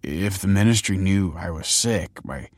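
A man voicing a badly wounded, paranoid father who speaks slowly, faintly and with stammers in a dark audio story. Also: low voice, animated, husky, no echo, clean studio sound, full character voice. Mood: weak, delirious.

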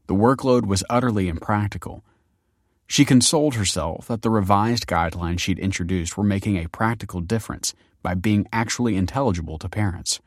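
A man narrating a story in a measured, wry way. His voice is deep and low. The recording is close and dry, with no room sound. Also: no echo. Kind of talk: scripted narration.

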